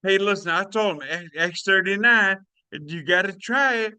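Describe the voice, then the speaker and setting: Older man, animated testimonial, bright tone, dry close sound. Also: sits high, moderate pace, smooth, no echo. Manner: animated, preachy, addresses listeners as y'all. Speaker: testimonial speaker. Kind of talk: excited personal testimony on a video call.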